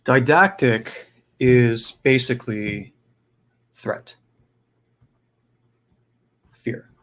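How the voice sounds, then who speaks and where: A man's voice: medium pitch, drawn-out words, a bit bright. A man giving a live online teaching talk on a video call, in a conversational way, often checking in with "right?" and "you know". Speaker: spiritual teacher and advisor.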